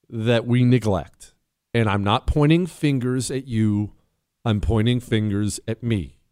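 A man's voice: mid-range voice, mellow, dry recording, studio quality. Joking male talk radio host. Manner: joking asides, teasing a co-host; emphatic, repeats key phrases.

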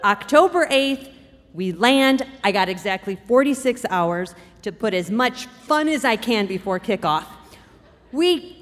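A middle-aged woman telling a personal story in an animated, expressive way, acting out quotes. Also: on the high side. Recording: long hall reverb.

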